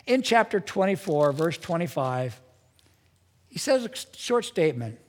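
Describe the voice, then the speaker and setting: A man's voice: fairly high pitch, sing-song, normal speed. A man preaching a sermon as pastor, earnest and emphatic, with strong rises in his delivery. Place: church sanctuary. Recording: church hall with long reverb.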